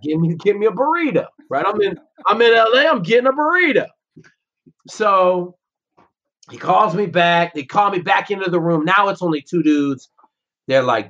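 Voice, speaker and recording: A man's voice: high-pitched, normal speed. A man, a former Navy SEAL guest, telling profane, brash stories in casual conversation. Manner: profane, brash, animated storytelling. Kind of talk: casual storytelling. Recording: dull lo-fi podcast audio.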